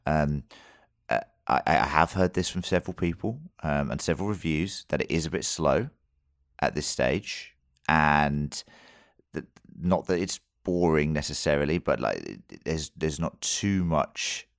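Very deep-voiced man chatting. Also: unhurried, vocal fry, no echo, clean studio sound. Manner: rambling, many restarts and fillers. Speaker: podcast co-host reviewing a TV episode. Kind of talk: casual chat.

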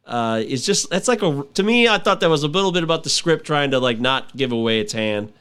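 A man in a casual film chat, asking questions in a halting way with frequent restarts. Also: fairly high pitch, expressive, a bit bright, smooth. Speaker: podcast co-host discussing a film.

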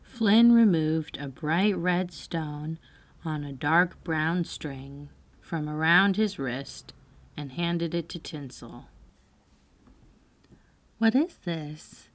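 Slow soft-spoken woman storyteller. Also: sits low. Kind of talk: bedtime story narration. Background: faint music.

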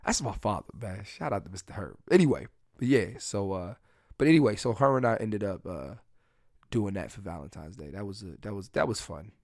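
A man's voice: on the low side, lively intonation, fairly quick, darkish tone, dry recording, clean studio sound. Crude, joking man telling stories. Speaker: podcast host. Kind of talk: casual solo storytelling.

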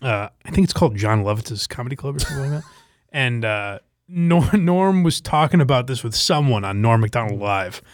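A man's voice: medium pitch, animated, brisk, no echo, clean studio sound. A man in his forties hosting a podcast, rambling in casual chat with many fillers and laughs. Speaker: podcast host.

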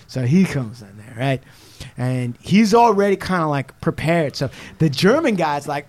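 Profane, animated man telling crime stories. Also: a little high. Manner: profane, animated retelling with quick asides. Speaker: podcast co-host. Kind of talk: casual true-crime storytelling.

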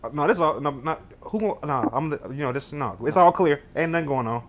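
A man from Detroit, giving joking, animated commentary while playing a video game. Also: on the high side, brisk, slight background noise. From Detroit, USA. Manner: animated, joking, loud banter at the screen. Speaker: gaming video host. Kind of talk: gameplay commentary.

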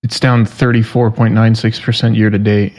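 A man's voice: lowish voice, flat delivery, normal speed, a little mellow. Guest guy on a podcast, dry jokey market talk, casual. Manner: wry, joking. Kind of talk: casual chat.

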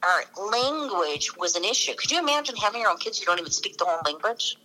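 A woman's voice: medium pitch, fairly quick, soft background music, rough recording. A middle-aged woman comedian from Chicago, telling stories in casual podcast chat, acting out quotes and swearing freely. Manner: animated storyteller, acts out quotes, swears freely.

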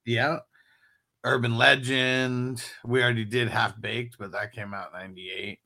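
A man co-hosting a podcast in easygoing casual chat, often answering with quick agreement. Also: mid-range voice, level tone, creaky, bright, forceful tone. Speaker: podcast co-host.

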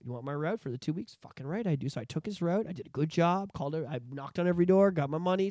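A man in his thirties hosting a podcast, telling nostalgic stories in an animated, profane, casual way. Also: fairly high pitch, fast talker, few pauses, no room sound, clean studio sound. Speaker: podcast host.

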